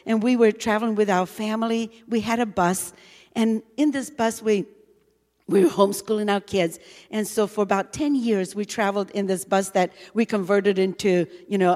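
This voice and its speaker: A woman's voice: medium pitch, darkish tone, big-room sound. A middle-aged woman preacher telling a testimony in an earnest sermon, with frequent fillers. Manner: earnest storytelling with many "you know" fillers.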